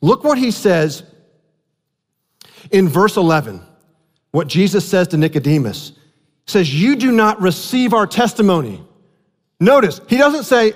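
Male pastor, high voice, conversational preaching with repeated phrases, reverberant hall sound. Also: sing-song, normal speed, long pauses. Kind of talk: sermon.

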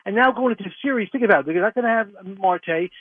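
Fed up guy calling sports radio, fast rant, husky, phone line sound. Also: high-pitched, no room sound. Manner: frustrated, ranting. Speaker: caller. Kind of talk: call-in rant.

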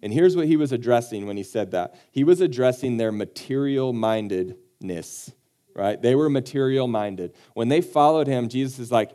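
A man's voice: mid-range voice, animated, normal speed, mellow. A man pastor giving a casual, conversational sermon with joking asides, acting out the people he quotes.

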